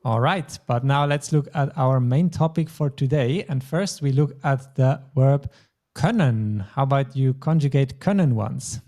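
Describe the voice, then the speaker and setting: A man's voice: mid-range voice, a little slow, dark tone. A man teaching a German lesson, explaining grammar patiently step by step. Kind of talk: language lesson.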